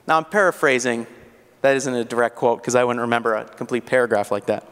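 A man's voice: medium pitch, quick pace, fairly bright tone, smooth. A man preaching a sermon as pastor, earnest and building to fervent rhetorical questions. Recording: long hall reverb.

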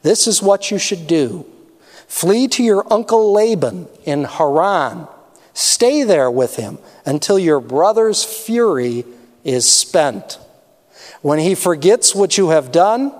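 A man voicing a worried mother who gives an urgent, hushed warning. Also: sits high, sing-song, slow, exaggerated voice. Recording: long hall reverb.

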